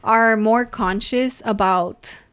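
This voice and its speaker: Young woman co-host, slightly high voice, chatty storyteller full of fillers. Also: slow pace, a bit bright, clear, resonant tone. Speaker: podcast co-host. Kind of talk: casual chat.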